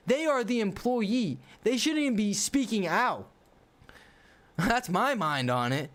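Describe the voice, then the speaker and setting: A man with a high voice streams a game and chats casually with his viewers. He rants bluntly, full of slang and swearing. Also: expressive, slow pace, fairly bright tone. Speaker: gaming livestreamer. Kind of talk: casual livestream chat while playing.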